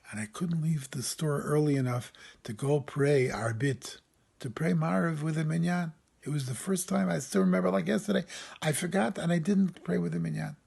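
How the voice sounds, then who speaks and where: A man serving as a camp rabbi, telling a story in an animated sermon style, voice lifting when he quotes people. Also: fairly high pitch. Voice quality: gravelly, husky.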